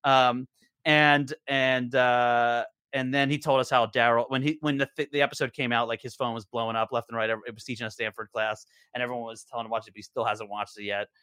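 Young adult man, podcast guest, bright tone, dry close sound, meandering anecdotal delivery. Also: medium pitch, level tone, fairly quick, smooth, dry recording. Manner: rambling storyteller with many fillers and restarts. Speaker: podcast guest, show co-creator. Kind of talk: casual chat.

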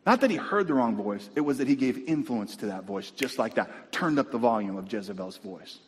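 A male pastor preaching a sermon, animated and calling out to his congregation. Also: mid-range voice, fairly quick, slight background noise. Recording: long reverb in a church hall.

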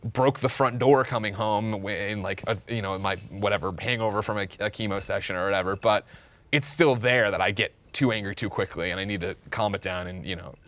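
A man's voice: on the low side, steady tone, a little fast, fairly bright tone. A man in his thirties talking candidly and rambling in a casual podcast conversation, full of restarts. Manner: rambling, candid, self-deprecating with many restarts. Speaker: podcast guest.

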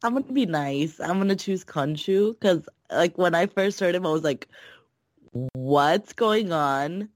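A woman co-hosting a casual podcast chat, excitable and chatty. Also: on the low side, normal speed, hardly any pauses, no room sound. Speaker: podcast co-host.

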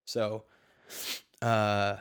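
A young man in casual conversation, telling a personal story in a halting way, full of fillers, restarts and swearing. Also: lowish voice, completely flat delivery, smooth, no echo, studio quality. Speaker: guest telling his story.

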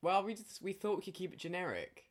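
A man's voice: high-pitched, big pitch swings, fast. A man co-hosting a podcast, dry and mock-serious, leading into segments. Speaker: podcast co-host. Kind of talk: casual banter.

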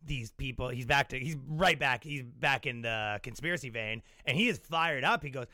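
A man hosting a podcast, telling rambling comic stories and mocking people with quick impressions. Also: mid-range voice, sharp tone, dry recording, clean studio sound. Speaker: podcast host. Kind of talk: casual comedic monologue. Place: New York.

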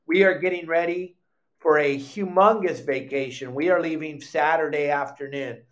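An older man talks through his live fishing show with heated emphasis, leaning on repeated words. His voice sits a little high. The room rings with echo. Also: moderate pace. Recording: echoey room.

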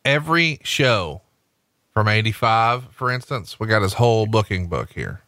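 Man, podcast host, lowish voice, eager, rattles off lists, dry close sound. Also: lively intonation, moderate pace, pushed and bright, no room sound. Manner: enthusiastic, listing things, filler "like". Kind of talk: casual podcast chat.

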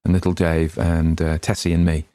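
A man with a deep voice reading a story aloud, playing a quiet husband who answers plainly and regretfully. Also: completely flat delivery, normal speed, no echo, clean studio sound. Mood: resigned.

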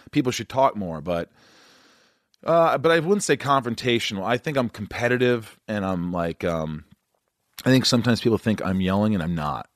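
A man with a New York accent, talking loudly and in a rambling, self-interrupting way as host of a casual conversation. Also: lowish voice, lively intonation, brisk, no echo, studio quality.

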